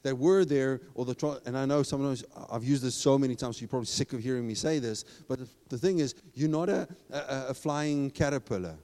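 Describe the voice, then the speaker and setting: A man preaching a sermon, talking casually and then building up to loud, emphatic exhortation. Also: medium pitch, fairly quick, few pauses. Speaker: pastor. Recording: long reverb of a large hall.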